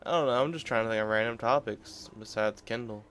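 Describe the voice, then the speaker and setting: Young guy rambling on over his game footage, smooth clean voice, just chatting whatever comes to mind. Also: medium pitch, a little fast, a bit bright. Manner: rambling, offhand and joking. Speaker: gameplay commentator. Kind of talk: casual gaming commentary.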